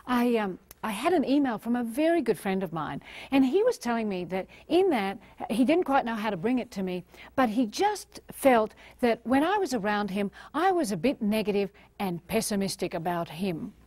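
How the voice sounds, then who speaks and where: An Australian woman giving a recorded leadership training lecture in a lively, animated manner. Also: on the high side, normal speed, no echo. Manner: animated, acts out quoted voices.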